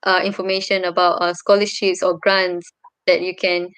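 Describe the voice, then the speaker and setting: A young Malaysian woman, a university student, chatting casually as an interview guest over a video call, often pausing to search for words. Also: fairly low pitch, level tone, a bit bright, clear, resonant tone, dry recording. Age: young adult. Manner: hesitant, searching for words with many fillers. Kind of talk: casual chat.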